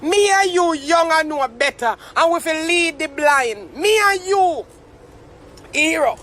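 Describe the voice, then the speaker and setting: A man's voice: very high-pitched, expressive, a little slow, bright, forceful tone, slight background noise. A young Jamaican man ranting on a live stream, mock-tearful and theatrical. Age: young adult. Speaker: social media commentator.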